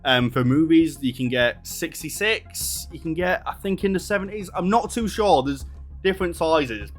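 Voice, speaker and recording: A man casually explaining game discs and storage in a home vlog, rambling and correcting himself as he goes. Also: a little high. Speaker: gaming YouTuber. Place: home room with a console and desk.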